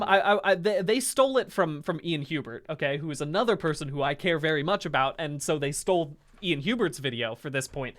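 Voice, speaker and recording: Animated man chatting on a live stream. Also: fairly high pitch, a little fast, few pauses. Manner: animated, laughing, self-mocking. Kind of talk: casual live-stream chat.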